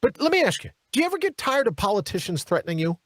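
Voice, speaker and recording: A man's voice: high voice, sing-song, very fast, dry recording. A man hosting a political talk show in a studio, delivering an emphatic monologue full of hammering rhetorical questions and mocking asides.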